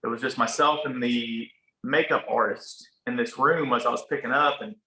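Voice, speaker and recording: This podcast guest is a barber in his thirties from a small Ohio town, and his rural Ohio accent comes through. He speaks at a normal speed with a mid-range, fairly even voice that sounds pushed and bright, recorded in an echoey room. Relaxed and casual, he tells a story, cursing occasionally and performing the quoted dialogue.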